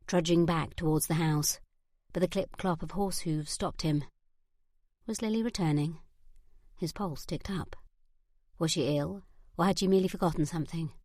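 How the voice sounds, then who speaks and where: A woman narrating a romance novel audiobook with even, steady storytelling. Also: sits low, no echo, clean studio sound. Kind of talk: scripted narration.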